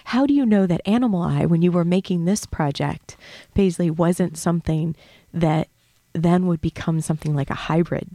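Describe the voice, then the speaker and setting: A woman's voice: on the low side, normal speed, hardly any pauses, warm tone, no echo, clean studio sound. A woman hosting a live radio program, introducing her guest and asking loose, rambling questions with many fillers. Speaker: radio host. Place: radio studio.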